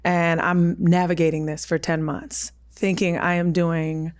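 A woman in her thirties, a podcast guest, telling a personal story in a candid, emphatic, unhurried way. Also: on the low side, level tone.

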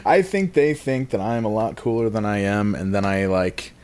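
A man's voice: on the low side, moderate pace, a little mellow. A man telling a rambling, self-deprecating comic story on a podcast, swearing and laughing at himself.

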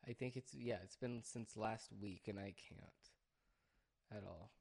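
A man's voice: lowish voice, unhurried, gravelly. Rambling young man on a casual podcast. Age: young adult. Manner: chatty, rambling, keeps breaking off to hush his dog. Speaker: podcast host. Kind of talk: casual solo podcast chat.

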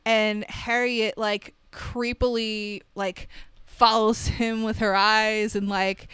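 A young woman casually recapping a film on a podcast, animated and full of "like" fillers. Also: on the high side, slow, clean tone, dry recording. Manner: chatty, animated storytelling with many "like" fillers and laughs. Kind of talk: casual chat.

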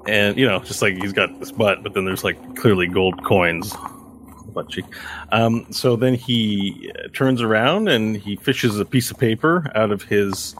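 Low-voiced man running a tabletop game. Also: measured pace, fairly bright tone, slight background noise. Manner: casual, rambling with fillers. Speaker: game master.

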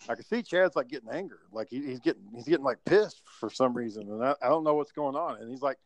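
A man's voice: mid-range voice, lively intonation, fast, no echo. A man hosting a casual online chat and telling a profane story in a laid-back, chuckling way. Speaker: podcast host telling a story. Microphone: online voice call.

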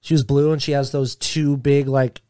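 A man's voice: mid-range voice, flat delivery, moderate pace, mellow, dry recording, studio quality. A young man co-hosting a podcast in casual chat, joking, rambling and swearing freely. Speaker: podcast co-host.

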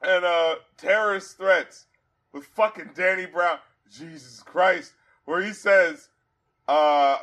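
A man hosting a casual album review podcast, animated and profane, quoting lyrics aloud and laughing often. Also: high voice, slow.

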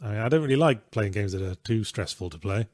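A man's voice: lowish voice, lively intonation, fast, darkish tone. Guy on a podcast, dry sarcastic, swears a lot, no room echo. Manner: blunt, sweary, sardonic. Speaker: podcast co-host reading donations. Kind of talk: casual chat.

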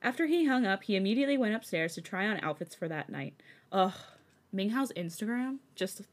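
A woman's voice: medium pitch, lively intonation, brisk. A woman podcast host reading fan fiction aloud, breaking off for chatty, giggly asides. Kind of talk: casual story reading.

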